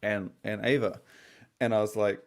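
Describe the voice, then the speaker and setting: A man's voice: fairly low pitch, fairly even intonation, moderate pace. Tired, profane man rambling on a podcast. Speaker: podcast co-host. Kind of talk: casual podcast chat.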